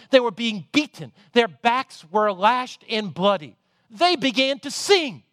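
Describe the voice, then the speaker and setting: A man preaching a sermon, moving between loud emphasis and hushed, intimate passages. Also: high voice, dry recording, studio quality. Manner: dramatic, swings from loud to hushed.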